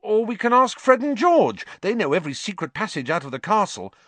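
A man voicing an excitable teenage schoolboy wizard who talks in an offhand, eager way. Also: sits high, a little fast, no echo, voice pushed up, full character voice. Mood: indignant.

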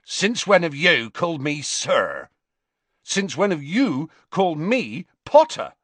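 A man voicing a huge, gruff and grumpy half-giant gamekeeper in an audiobook reading, by turns growling, roaring and sulky. He reads in a very dry, close sound. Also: mid-range voice, very animated, a little slow, bright, forceful tone, no room sound, full character voice.

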